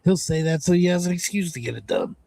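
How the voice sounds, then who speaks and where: A man's voice: high voice, expressive, fast talker, vocal fry, a little mellow, no room sound. A man on a casual chat panel who teases and jokes. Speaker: panel guest.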